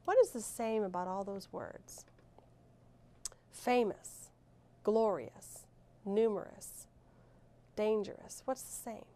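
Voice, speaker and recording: A woman teacher leading a recorded reading lesson, saying each word clearly and deliberately for young students. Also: mid-range voice, mellow. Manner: clear, slow, deliberate teacher talk with drawn-out words.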